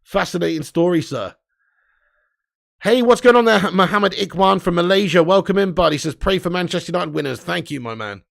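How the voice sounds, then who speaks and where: A man's voice: sits high, expressive, a little fast, vocal fry, a bit bright. A young man hosting a live football watch-along, commentating and ranting with lots of swearing. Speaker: fan watch-along host.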